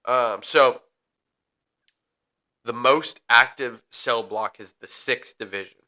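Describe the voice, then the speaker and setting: A man's voice: mid-range voice, slow. A man co-hosting a casual podcast, reading history notes with frequent ums and joking asides. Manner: relaxed, reads facts with filler ums, jokes between. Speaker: podcast co-host.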